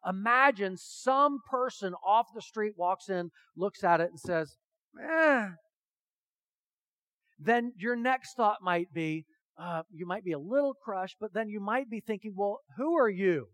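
Man, sermon, high voice, dry close sound, earnest, questioning. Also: moderate pace, a bit bright, dry recording. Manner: earnest, questioning, acts out dialogues. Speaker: pastor. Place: church hall with audience.

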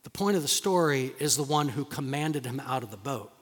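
A male pastor preaching a sermon in a dramatic, storytelling way, acting out voices and dropping to hushed tones. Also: mid-range voice, animated, a little fast, in a large hall.

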